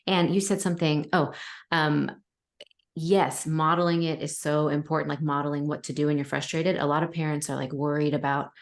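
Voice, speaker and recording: Low-voiced woman hosting a casual podcast. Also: fairly even intonation, brisk. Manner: chatty, laughs often, tells anecdotes with quoted dialogue. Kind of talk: casual conversational interview.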